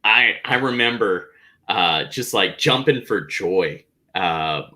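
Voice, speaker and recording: Slow-talking bright-voiced male host. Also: lowish voice, lively intonation. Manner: friendly, encouraging interviewer, slow and easygoing. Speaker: podcast host. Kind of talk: casual interview chat.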